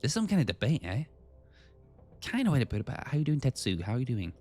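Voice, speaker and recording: A man's voice: quick pace, soft background music. A man streaming a game live, chatting casually with his viewers and reading the game's text aloud. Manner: chatty, greets chat by name, lively pitch.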